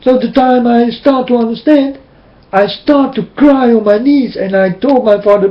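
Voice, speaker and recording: A man's voice: extremely high pitch, moderate pace. A man whose first language is Dutch, giving a fervent, preachy religious monologue to his webcam and addressing viewers directly. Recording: dull lo-fi webcam audio.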